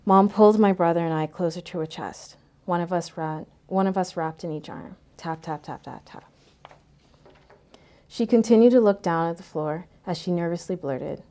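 Low, mellow woman reading a story. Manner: measured, trailing off softly at phrase ends. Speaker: narrator. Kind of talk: first-person story reading.

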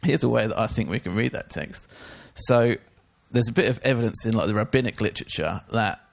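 A man's voice: lowish voice, lively intonation, fairly quick, gravelly. A man giving a casual, chatty Bible teaching talk, full of informal asides. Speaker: church teacher.

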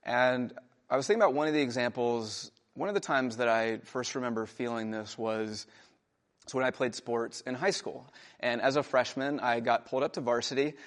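A man's voice: mid-range voice, moderate pace. A young adult man, a pastor, preaching a sermon in a conversational storytelling way, raising his voice for emphatic quotations. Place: church.

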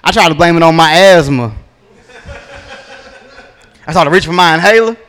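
A man's voice: fairly high pitch, normal speed, fairly bright tone. A man, doing a stand-up comedy set in a laid-back, drawling storytelling manner with punchy asides, on a handheld stage mic.

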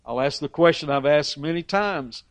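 A man's voice: fairly high pitch, normal speed, no room sound. A man preaching a sermon with emphatic rises on key phrases and frequent repeated words as he restarts. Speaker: pastor.

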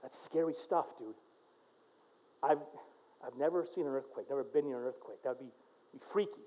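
A man preaching a sermon in a casual, animated storytelling way, dropping to a hush and then rising to loud bursts. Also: medium pitch, brisk, poor audio. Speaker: pastor. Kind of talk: sermon with personal stories.

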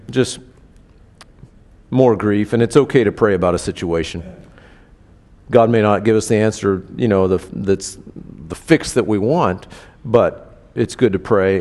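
A man preaching in a conversational style, animatedly acting out quoted voices with big swings in pitch. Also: moderate pace, darkish tone, big-room sound. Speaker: pastor. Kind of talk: conversational sermon.

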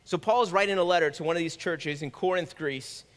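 A male pastor preaches a sermon in an earnest, conversational way, his voice a little high, fairly quick, and fairly bright. He's in a church sanctuary, and the recording carries the long reverb of a church hall.

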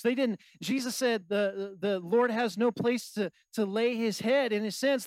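High-voiced preaching man. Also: no echo, poor audio. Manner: preaching with rhetorical questions to the congregation; swings between loud exhortation and hushed asides. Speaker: pastor. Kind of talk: sermon.

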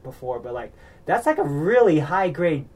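A man's voice: a little high, big pitch swings, moderate pace, darkish tone, slightly rough. A man from the United States chatting casually, rambling with lots of fillers and restarts and getting worked up as he recaps a reality show.

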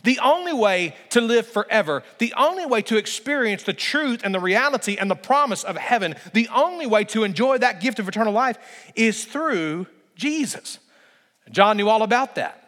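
A man with a high, bright-pitched voice delivers an emphatic sermon as a pastor. He slows down and leans on key phrases, and his voice carries through a large church sanctuary with a long reverb tail. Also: lively intonation.

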